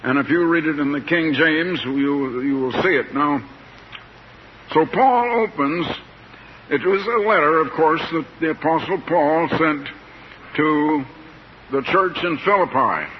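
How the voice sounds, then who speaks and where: An older man preaching a sermon in a slow, plain-spoken, folksy way, stretching out words for emphasis. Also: on the high side, husky. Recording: dull lo-fi tape with faint hiss.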